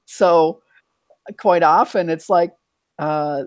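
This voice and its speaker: A man's voice: a little high, unhurried, dry recording. A man hosting a casual bilingual chat, rambling and thinking aloud as he talks. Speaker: host.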